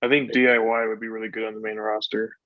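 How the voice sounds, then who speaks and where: A man co-hosting a casual podcast chat, joking and breaking in quickly. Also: fairly low pitch, flat delivery. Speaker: podcast co-host. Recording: dull, dry lo-fi sound.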